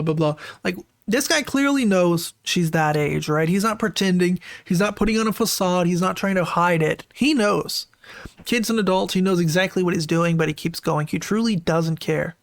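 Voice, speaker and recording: A man hosting a casual online commentary, talking through screenshots in a chatty way and often checking in with "right?", with disgusted, incredulous asides. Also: high-pitched. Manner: chatty, keeps asking "right?".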